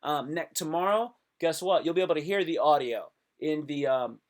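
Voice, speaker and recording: A young man hosts his own live stream, rambling in a hyped and self-pumping way and calling his viewers "son" and "kid". His voice sits a little high for a man. He keeps talking with loose, restless energy. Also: normal speed. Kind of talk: casual live stream monologue.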